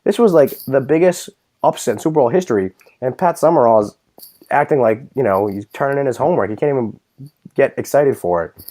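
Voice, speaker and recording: A man co-hosting a casual sports podcast, ranting with swearing and loud mock outbursts. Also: mid-range voice, animated, a little fast. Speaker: podcast co-host.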